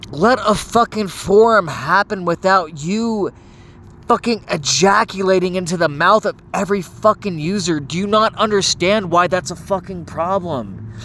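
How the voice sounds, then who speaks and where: A man's voice: sits high, pushed and bright, a little hiss or hum. A young man in a rambling, profane voice message, scolding someone and stammering as he restarts his sentences. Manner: stammers and restarts when heated. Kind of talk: ranting voice message.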